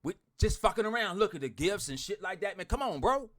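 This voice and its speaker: A man ranting bluntly to his online group, swearing a lot, repeating himself and swinging from loud outbursts to muttering. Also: high-pitched, very animated, brisk. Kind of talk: heated profane rant to followers.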